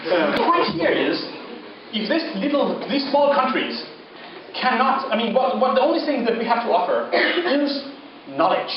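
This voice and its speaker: A man from the Faroe Islands gives a rambling, joking, provocative lecture, halting and restarting as he talks. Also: very high-pitched, expressive. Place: gallery lecture space. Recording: echoey, dull, noisy, far from mic.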